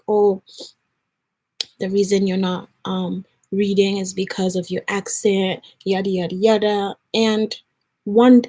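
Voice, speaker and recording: A woman's voice: mid-range voice, darkish tone, breathy edge. A woman in her twenties from Nigeria, telling a personal story in an earnest, rambling chat for her vlog. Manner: earnest, conversational, rambling with fillers. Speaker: vlogger.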